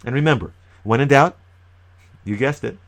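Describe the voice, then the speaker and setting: A man giving an animated, emphatic youth ministry training talk, with sudden loud bursts. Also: medium pitch, normal speed. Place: lives in New York.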